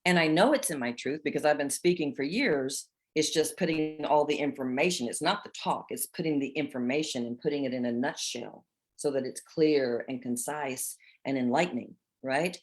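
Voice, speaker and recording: Low-voiced woman in her sixties hosting. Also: normal speed. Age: 60s. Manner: expressive, acts out inner voices with laughter. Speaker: host of a women's group chat. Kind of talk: spiritual coaching talk.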